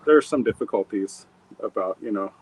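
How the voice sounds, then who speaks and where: A middle-aged man from Montana answers interview questions in a rambling, reflective way, stopping and restarting as he goes. His voice sits fairly low. A faint hiss runs underneath. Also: fairly quick, poor audio. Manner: reflective, rambling storytelling with many fillers and restarts. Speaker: author and guest. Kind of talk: conversational interview.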